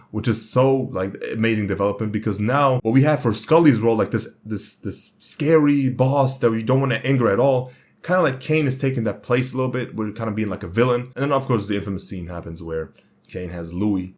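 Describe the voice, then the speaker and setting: A young man reviews a TV series in a casual, rambling way, full of slang and excitement. His voice sits a little low. He talks very fast and piles one thought on the next.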